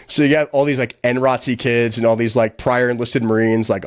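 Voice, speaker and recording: A man guest on a podcast, telling a story in a casual, animated, profane way, laughing often and rambling with lots of "like". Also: mid-range voice, no echo, studio quality. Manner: quick, rambling, heavy use of filler "like".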